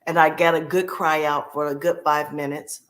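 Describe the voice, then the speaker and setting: A woman's voice: sits low, level tone, moderate pace. A woman guest on a podcast, telling a personal caregiving story in a heartfelt way and repeating key phrases for emphasis.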